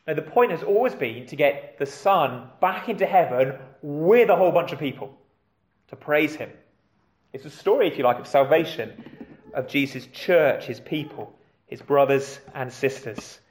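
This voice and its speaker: A man's voice: fairly high pitch, animated, normal speed, reverberant. A man preaching a sermon in a conversational way, with rhetorical questions and questions put to the children.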